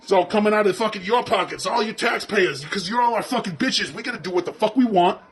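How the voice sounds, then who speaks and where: A man's voice: sits high, lively intonation, fast talker. A man playing a crude, foul-mouthed police officer, ranting sarcastically and profanely as he comments on video footage.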